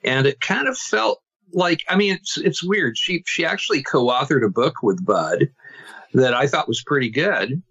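A man appearing as a guest on a podcast, talking slowly and hesitantly with frequent fillers. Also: mid-range voice, animated, fairly bright tone, husky, dull audio. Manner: slow, hesitant, many uh fillers. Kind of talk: casual interview chat.

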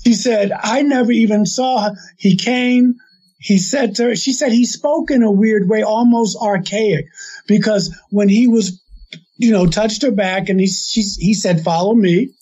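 A man recounts a story he heard, wandering back and restarting as he quotes the people in it. His voice sits high but sounds mellow and breathy. The recording is muffled and lo-fi. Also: measured pace. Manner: rambling, with restarts and quoted dialogue. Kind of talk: casual retelling of an anecdote. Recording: dull lo-fi sound.

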